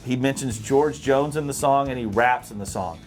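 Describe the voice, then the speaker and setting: Man, Southern accent, radio host, folksy storyteller, mid-pitched voice, faint music behind. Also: normal speed. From Tennessee. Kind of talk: casual chat.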